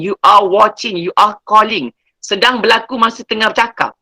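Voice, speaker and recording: A man's voice: high voice, fairly quick, pushed and bright, poor audio. A male English teacher with a Malaysian accent, explaining grammar in an online class and often checking that students follow. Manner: explanatory, code-switching, checks understanding.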